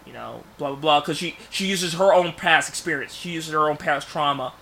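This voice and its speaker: A man in casual podcast chat, pitching a movie plot in rambling bursts with many restarts. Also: fairly quick, gravelly, a little hiss or hum. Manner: rambling storyteller, many restarts, bursts of loud acted lines. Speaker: podcast co-host.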